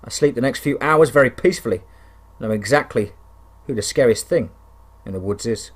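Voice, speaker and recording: A man reading a first-person wilderness horror story in a steady, conversational way with dry touches of humour. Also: medium pitch, brisk, husky.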